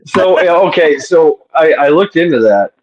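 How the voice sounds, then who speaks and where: A man in casual chat, explaining in a halting way while he searches for words. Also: fairly high pitch, expressive, poor audio.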